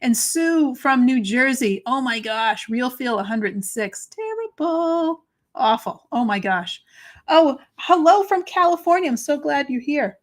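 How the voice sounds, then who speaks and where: A woman's voice: high-pitched, lively intonation, measured pace. A woman with a Boston accent hosts a live crafting demo, chatting and greeting viewers by name as she works. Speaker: crafting live-stream host.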